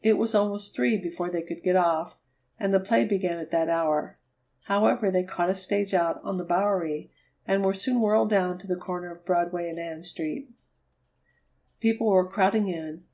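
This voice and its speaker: A woman narrating a children's storybook in a steady, measured reading. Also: fairly low pitch, low-quality recording. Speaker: audiobook reader. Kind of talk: scripted narration.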